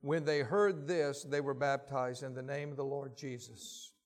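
A man's voice: medium pitch, fairly even intonation, unhurried. A man preaching a sermon, reading scripture aloud and telling stories with voiced quotes. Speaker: pastor.

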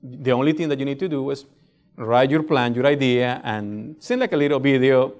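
A man's voice: medium pitch, normal speed, a little mellow. A middle-aged man with a non-native English accent, preaching a sermon in a conversational way and often checking in with "right?". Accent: non-native English speaker. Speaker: pastor.

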